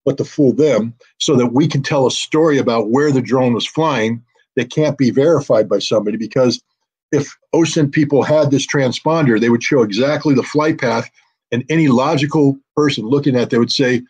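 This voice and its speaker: A man's voice: mid-range voice, moderate pace, a little mellow, husky, highs cut off. A man speaking as an interview guest, blunt and combative, mocking the people he criticizes. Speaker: guest commentator. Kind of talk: interview, heated commentary.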